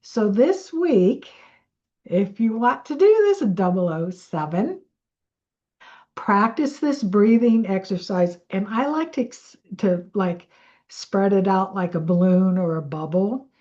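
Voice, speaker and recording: A woman coach leading a slow guided breathing and affirmation exercise in a soothing way. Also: mid-range voice, animated, dark tone, lo-fi sound. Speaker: manifestation coach.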